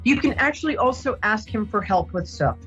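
Husky woman psychic host, gentle and rambling. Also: fairly high pitch, animated, a little fast, dull audio, faint music behind. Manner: gentle, reassuring, rambling with many ums. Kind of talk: casual radio psychic reading.

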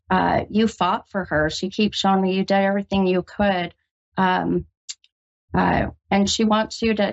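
A woman hosting a call-in psychic reading, halting and full of ums, gentle and reassuring with the caller. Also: fairly low pitch. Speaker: psychic medium host. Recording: dull lo-fi radio recording.

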